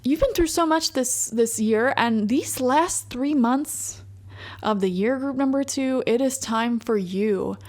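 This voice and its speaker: A woman's voice: on the high side, slow, darkish tone. A young woman giving a pick-a-card tarot reading to viewers, chatty and emphatic, getting worked up as she talks. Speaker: tarot reader.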